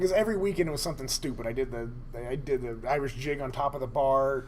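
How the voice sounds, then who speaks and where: A man on a podcast telling a crude story in a rambling, animated way, laughing often. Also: mid-range voice, quick pace, hardly any pauses, slight background noise. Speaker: podcast co-host.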